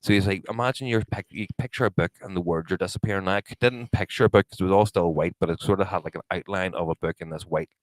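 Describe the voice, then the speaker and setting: Very deep guy, swears loads, acts out what people said, dry close mic. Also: fast talker, hardly any pauses, no echo, low-quality recording. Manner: swears a lot, acts out quotes, laughs often. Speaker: podcast co-host. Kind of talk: casual storytelling chat.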